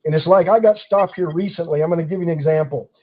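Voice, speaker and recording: A man's voice: a little high, fast talker. A man in casual conversation, telling stories and acting out the people in them. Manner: storytelling, acting out quoted people. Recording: dull lo-fi audio.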